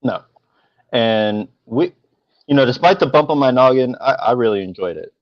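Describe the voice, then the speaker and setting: A man's voice: mid-range voice, animated, normal speed, no echo, dull audio. A man co-hosting a casual livestream chat with a dry, teasing, joking manner. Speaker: livestream co-host.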